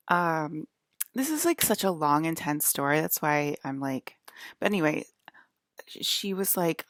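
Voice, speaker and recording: A woman's voice: deep voice, expressive, moderate pace, dry recording, clean studio sound. A young woman vlogger telling a long personal story in a rambling, casual way, swearing and laughing as she goes. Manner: rambling, full of fillers and swearing, laughing often.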